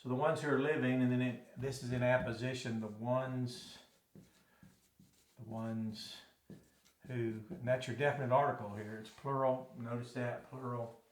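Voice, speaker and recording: A man's voice: mid-range voice, steady tone, moderate pace. Rambling man from Arkansas teaching Greek. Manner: rambling, self-correcting, folksy asides. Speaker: Bible teacher. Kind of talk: classroom Greek lesson. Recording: echoey room.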